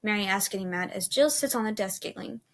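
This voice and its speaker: A woman reading a horror story aloud in an unhurried way, with small restarts. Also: medium pitch.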